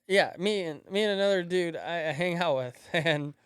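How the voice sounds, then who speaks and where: Man, comedian, raised pitch, smooth resonant voice, blunt and profane storytelling. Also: normal speed, no echo, studio quality. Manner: blunt, profane, laughs as he tells stories. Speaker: guest comedian. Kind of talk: casual podcast storytelling.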